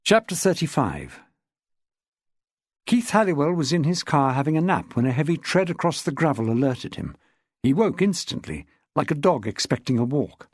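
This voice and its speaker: Man, audiobook narrator, husky, lively pitch, dry studio sound. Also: dry recording. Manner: measured, expressive storytelling. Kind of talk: scripted narration.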